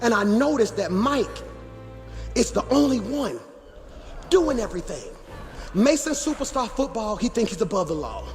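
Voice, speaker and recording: A man in his forties, a pastor preaching in a church sanctuary, animated, with shouted and sing-song phrases. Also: sits high, normal speed, pauses often, soft background music. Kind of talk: sermon.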